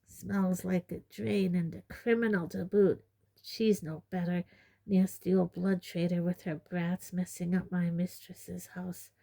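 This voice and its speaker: A woman voicing a very old, bitter male house elf who mutters hoarsely and spitefully under his breath in a storybook reading. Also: fairly low pitch, flat delivery, a little slow, mellow. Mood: muttering bitterly. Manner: spiteful grumbling asides, mock-humble. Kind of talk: audiobook reading.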